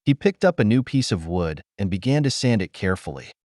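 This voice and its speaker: Man, story narration, unhurried, expressive intonation, dry. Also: on the low side, no room sound.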